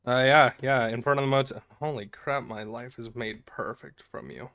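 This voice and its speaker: A man's voice: mid-range voice, normal speed, few pauses, a bit bright. A young man doing let's play commentary, joking goofily and reading game text aloud. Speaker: gaming video creator.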